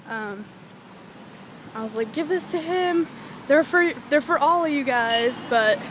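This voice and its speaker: A young woman telling a rambling, excitable story in a casual vlog, swearing freely, recorded outdoors near a street. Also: high voice, takes it slowly. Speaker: vlogger. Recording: traffic noise from outdoors.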